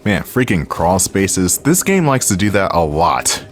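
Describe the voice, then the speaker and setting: A man's voice: low-pitched, sing-song, a little slow. Chatty man with a Philly accent. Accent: Philadelphia. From Philadelphia area. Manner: chatty and wry, jokes to himself, swears now and then. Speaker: let's-play host. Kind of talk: casual gameplay commentary. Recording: voice over faint game music.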